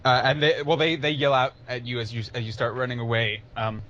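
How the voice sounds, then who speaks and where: A man's voice: medium pitch, flat delivery, brisk, few pauses, sharp tone, muffled recording. A man narrating as game master in a tabletop game over a voice call, with many hesitations and restarts. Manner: hesitant, full of fillers and restarts. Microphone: online voice call.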